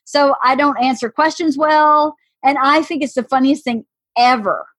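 A woman's voice: sits high, moderate pace, fairly bright tone. A woman with a Southern accent, chatting and laughing as a podcast guest, self-mocking and chatty. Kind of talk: casual chat.

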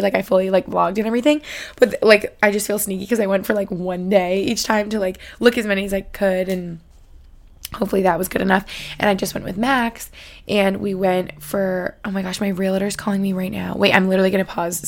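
A woman in her twenties hosting a podcast in casual, excitable chat, with lots of filler words. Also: mid-range voice, creaky. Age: 20s. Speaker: podcast host.

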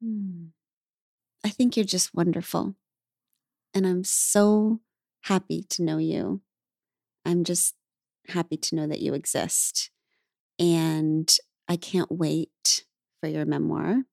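A woman hosting a podcast interview, affirming her guest with soft murmurs and effusive praise. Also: lowish voice, steady tone, slow, gravelly, long pauses, no echo, studio quality. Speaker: podcast host. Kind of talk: conversational interview.

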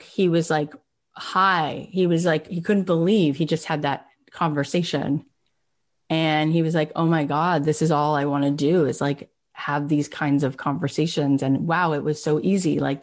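A woman host telling a long story in a chatty, casual monologue. Her voice sits a little low, and she fills her talk with "like" and "you know". She acts out the people she quotes as she goes. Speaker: podcast host and coach.

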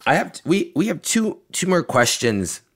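An interview host asks a question in a relaxed, halting way and restarts phrases. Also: medium pitch, slightly rough. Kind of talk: casual interview.

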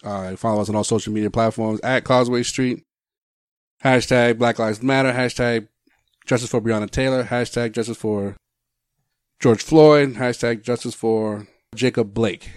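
A man talks in an easygoing, agreeable way, padding his talk with fillers as he chats. His voice is mid-pitched. It is recorded close and dry. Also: steady tone, moderate pace, dry recording. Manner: laid-back, agreeable, lots of fillers. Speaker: podcast co-host. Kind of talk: casual chat.

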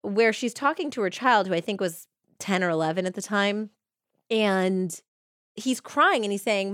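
A woman tells a true-crime story in a loose, chatty way, full of "like" and "you know". She acts out what people said by leaping up in pitch. Her voice sits at a middle pitch and sounds dry and close to the mic. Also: moderate pace, no room sound. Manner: animated retelling, acts out quotes with pitch jumps; many fillers like "like" and "you know". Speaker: podcast co-host.

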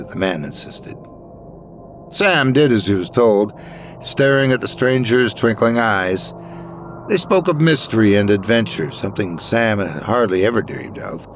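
A man's voice: animated, slight background noise. Man narrating a grim story. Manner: measured, dramatic, dropping low at grim lines. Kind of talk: scripted horror story narration.

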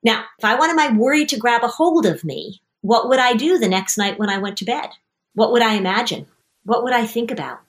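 Animated woman parenting coach. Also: a little high, a little fast. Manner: animated storytelling, acting out quoted voices. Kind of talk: coaching conversation.

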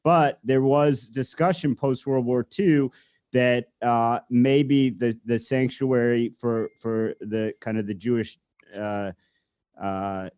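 A man's voice: medium pitch, fairly even intonation, takes it slowly, a little mellow, clean tone, dry recording, studio quality. A man in casual chat, rambling and digressive as he explains things to his co-hosts.

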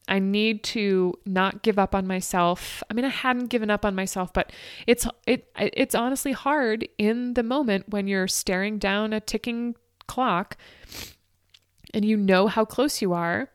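Woman storyteller, smooth clear voice, dry close sound, emotional and chatty. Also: medium pitch, unhurried, no echo. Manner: emotional, fighting back tears; frequent fillers like "like" and "um". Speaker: ultrarunner recounting a race. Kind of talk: personal storytelling.

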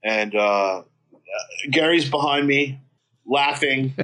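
A middle-aged man, a guest singer, telling a profane, animated story in casual chat with many restarts. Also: mid-range voice, slow.

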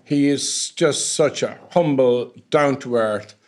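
A man's voice: mid-range voice, takes it slowly, a little mellow. A man with an Irish accent, a chef guest in casual chat, speaking effusively and rambling a little. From Ireland.

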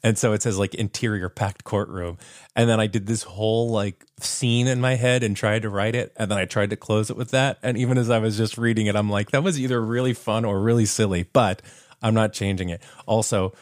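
A man hosts a solo podcast in a casual, self-deprecating style, laughing at himself and using plenty of fillers. His fairly low voice is steady and brisk, recorded at studio quality with no room sound.

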